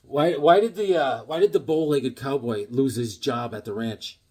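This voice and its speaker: A man showing off his comic books in a casual vlog, animated and joking, with corny puns and sudden yelps. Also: medium pitch, normal speed, husky. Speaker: comic book vlogger. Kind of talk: casual show-and-tell chat.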